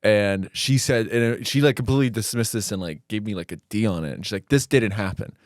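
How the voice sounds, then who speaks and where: Young male podcast host, low voice, casual profane storyteller, dry booth sound. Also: a little fast, no room sound. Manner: rambling, profane, self-mocking anecdotes.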